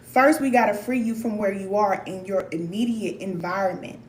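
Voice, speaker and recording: A woman's voice: medium pitch, moderate pace, reverberant, slight background noise. A woman from Missouri giving a blunt, emphatic motivational talk as a spiritual life coach.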